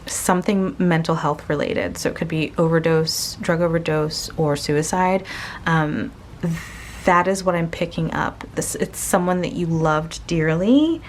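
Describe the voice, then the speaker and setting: A woman reading tarot cards aloud in an unhurried, intimate way, her voice sitting a little low and moving slowly. She feels her way through each thought with pauses and restarts. A faint hum of room ambience sits behind her. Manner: slow, gentle, searching, with many pauses and restarts. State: tearful, emotional. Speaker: tarot reader. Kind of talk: casual spoken tarot reading.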